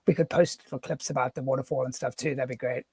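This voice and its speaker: A man's voice: mid-range voice, steady tone, fast talker, gravelly, a little mellow, slightly rough, no room sound. Earnest South African man, dry sound. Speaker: co-host. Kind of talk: casual chat.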